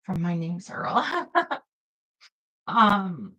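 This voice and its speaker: Young woman streamer rambling to chat, laughs a lot, bright sharp voice, takes her time. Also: medium pitch, big pitch swings, drawn-out words, husky, low-quality recording. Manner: chatty, giggly, reads chat aloud. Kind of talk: casual live-stream chat.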